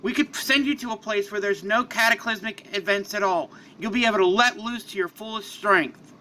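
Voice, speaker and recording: A man voicing a group of excited male alien beings who speak in a hurried way. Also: high voice, slight background noise, rough recording.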